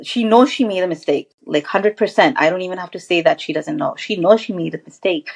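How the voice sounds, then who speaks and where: Low-ish voiced woman mindfulness coach on a podcast, earnest, kinda rambly. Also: brisk, creaky, breathy edge. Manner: earnest and reflective, many restarts and "like". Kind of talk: casual interview chat.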